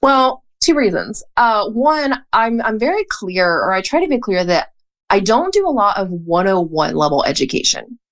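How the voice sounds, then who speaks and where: Guest, female, Southern US accent, calm and thoughtful, dry wit, casual chat. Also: medium pitch. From North Carolina, US. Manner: measured and thoughtful, with a dry humor. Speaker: podcast guest, photographer.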